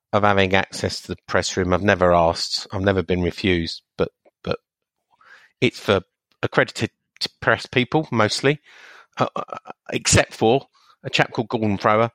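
A man co-hosting a casual podcast, explaining his view in a measured way with frequent restarts. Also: on the low side, fairly bright tone, no echo. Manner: measured, hesitant, many restarts and fillers. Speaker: podcast co-host. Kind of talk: casual chat.

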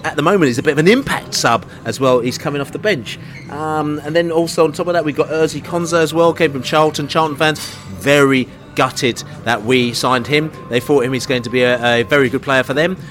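A man's voice: a little high, fairly quick, hardly any pauses, fairly bright tone, soft background music. Casting: London man, pub football podcast host, loose rambling chat. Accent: London English. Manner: chatty, rambling, jokey.

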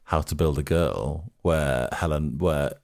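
A man's voice: a bass voice, slow pace, darkish tone. A man co-hosting a podcast in casual chat, wry and teasing, laughing often. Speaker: podcast co-host.

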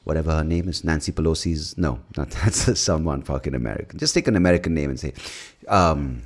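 A comedian with an Indian English accent hosts a podcast and goes on a casual, profane, rambling rant, frequently correcting himself. His voice is a rumbling low and husky, and he talks a little fast.

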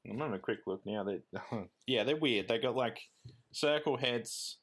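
A man's voice: mid-range voice, moderate pace, a bit bright, husky. A man, co-hosting a podcast in casual chat, joking and laughing often and slipping into silly voices. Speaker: podcast co-host.

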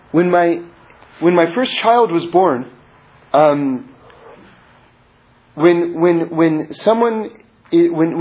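A man giving a spoken religious teaching built around a personal story, halting and repeating words, growing more intense toward his point. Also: fairly high pitch, slightly rough. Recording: dull lo-fi recording.

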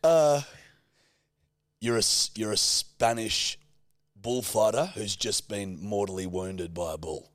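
A man's voice: lowish voice, no room sound, clean studio sound. A man co-hosting a comedy podcast, tossing out prompts in casual banter and laughing often. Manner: animated, laughing, prompts with quick suggestions. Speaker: podcast co-host.

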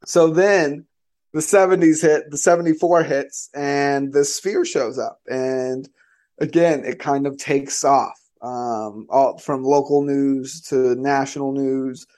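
A man's voice: medium pitch, steady tone, slow pace, darkish tone. A man casually telling a story in a chatty way, full of fillers and "like".

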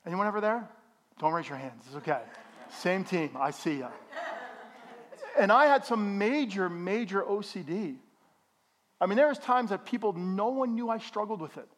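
A middle-aged man preaching a sermon as a pastor in a church, animated and joking with the congregation. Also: high-pitched, normal speed, pauses often.

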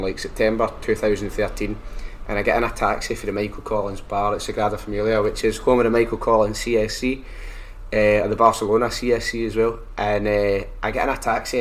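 A man's voice: lowish voice, slight background noise. A man, hosting a casual chat and telling wry stories between short interjections.

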